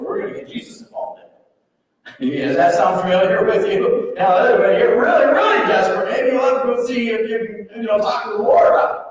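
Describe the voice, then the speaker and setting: A man preaching a sermon as pastor, telling the story in a folksy, humorous way and acting out the voices. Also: high voice. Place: church sanctuary. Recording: echoey hall, mic far off.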